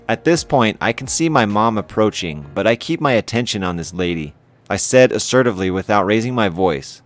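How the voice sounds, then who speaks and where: Male host reading online stories aloud, fairly low voice, wry, faint music behind. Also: expressive, brisk. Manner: casual, wry commentary. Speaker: story channel host.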